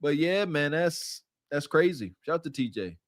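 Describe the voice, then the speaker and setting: High-voiced man preaching on a podcast. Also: expressive, moderate pace, noisy background. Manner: preachy, joking, slangy. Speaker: podcast co-host. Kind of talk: casual podcast commentary.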